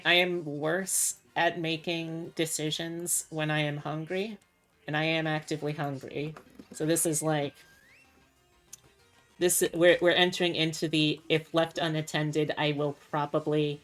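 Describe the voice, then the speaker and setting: A woman streamer chatting casually with her viewers in a rambling, indecisive, self-mocking way. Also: deep voice. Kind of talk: casual livestream chat.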